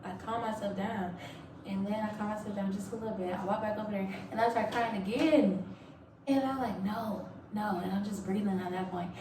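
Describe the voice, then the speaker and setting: A woman's voice: mid-range voice, fairly even intonation, fairly quick, recorded from a distance. A young woman telling a casual, frank story to camera, full of "like" and "um" and free swearing. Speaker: Navy recruit sharing her boot camp experience. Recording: echoey room, voice off-mic, clear background noise.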